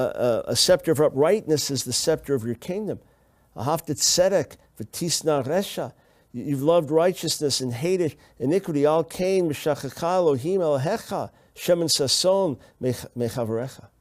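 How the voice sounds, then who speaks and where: Man, Bible teacher, emphatic, slightly high voice, repeats key phrases, reads Hebrew. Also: expressive, normal speed, a little mellow. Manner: reads Hebrew passages aloud.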